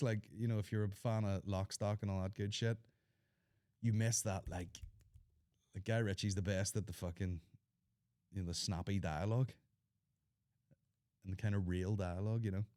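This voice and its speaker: A man's voice: fairly low pitch, a little mellow. A man hosting a podcast, rambling through loose stories with lots of swearing, laughing at his own jokes. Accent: Northern Irish. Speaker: podcast host. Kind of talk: casual chat.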